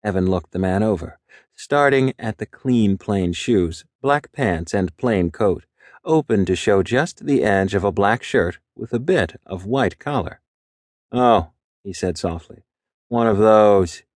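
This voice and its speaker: Low-voiced man narrating an audiobook. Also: animated, unhurried, darkish tone, dry recording, clean studio sound. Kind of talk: scripted narration.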